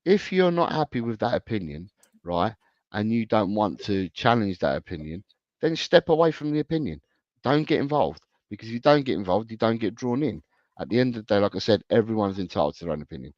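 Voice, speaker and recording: A low-pitched man talks football in a casual podcast chat, hammering his points home by repeating them. The sound is dry and a bit dull, like lo-fi audio. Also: sing-song, fairly quick, darkish tone, no room sound. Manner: emphatic, repeats his phrases. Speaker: podcast co-host.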